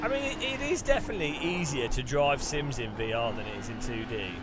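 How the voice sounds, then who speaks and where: Excitable man with lively pitch. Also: a little fast, heavy background noise. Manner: excitable, incredulous, exclaiming and laughing. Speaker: sim racing video host. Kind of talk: live gameplay commentary. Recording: background music under voice.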